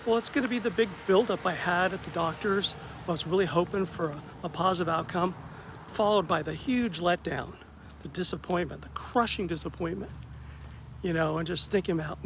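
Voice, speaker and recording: A therapist recounts his rough day in a relaxed, conversational vlog. His voice sits a touch high for a man and jumps as he acts out what people said. A faint hum of background noise runs under the recording. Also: a little fast. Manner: animated, acts out quoted dialogue, self-deprecating. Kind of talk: casual vlog storytelling.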